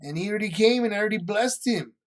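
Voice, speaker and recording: Man doing a shaken old blind father, alarmed, rushed, raised pitch. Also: expressive.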